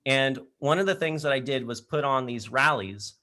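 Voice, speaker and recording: A man speaking in an online session from his laptop mic, telling an animated story to high school students with frequent laughter. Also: moderate pace. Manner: energetic, animated storyteller who laughs often. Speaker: leadership program speaker.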